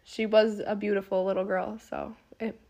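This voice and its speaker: A young woman co-hosting a podcast in casual chat, speaking softly with a sick, hoarse voice and lots of filler words. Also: mid-range voice, flat delivery, normal speed. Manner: soft-spoken, lots of "like" fillers. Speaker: podcast co-host.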